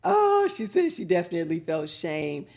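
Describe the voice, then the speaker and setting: A middle-aged woman hosts a relaxed live chat, reading out viewer comments and telling lively stories with stretched-out words. Her voice sits fairly low and carries some vocal fry.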